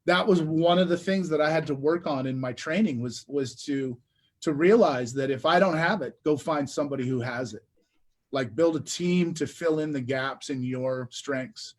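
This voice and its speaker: Animated higher-voiced man telling stories. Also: moderate pace. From Detroit area. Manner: animated, lots of restarts and filler. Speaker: real estate investor. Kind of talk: casual interview storytelling.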